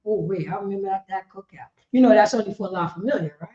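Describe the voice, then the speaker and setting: A woman leading a religious class in an animated, slangy street style, peppering her talk with "you know what I mean.". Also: medium pitch, fast talker. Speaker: class teacher. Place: indoor meeting hall. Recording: echoey, dull lo-fi room audio.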